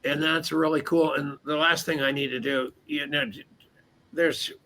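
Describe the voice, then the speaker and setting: Male live-show host, raspy and bright, playful storyteller. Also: a little high, measured pace, slight background noise. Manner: animated, teasing storyteller. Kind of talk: casual live-stream chat.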